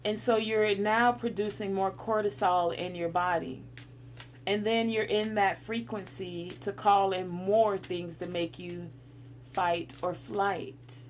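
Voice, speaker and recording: A woman's voice: medium pitch, steady tone, a little slow, slight background noise. A woman giving a spiritual encouragement talk, coaching listeners through breathing exercises. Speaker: spiritual guide.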